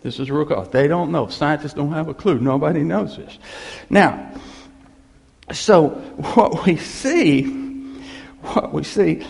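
A man preaching a sermon, telling a story in an animated way and repeating key phrases. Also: a little high, takes it slowly, gravelly, long pauses, in a large hall.

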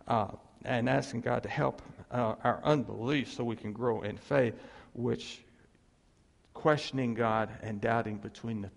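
Mid-range and creaky, the pastor's voice rings through a large space as he preaches. He acts out quotes with animation and asks the congregation to answer him back.

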